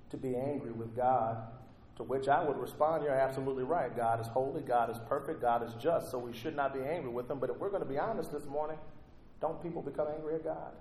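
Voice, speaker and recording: A man's voice: mid-range voice, a little mellow, slight background noise. Preacher man in an echoey hall. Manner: reads scripture aloud, rising fervently on quoted prayers. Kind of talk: sermon. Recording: echoey hall with faint ambience.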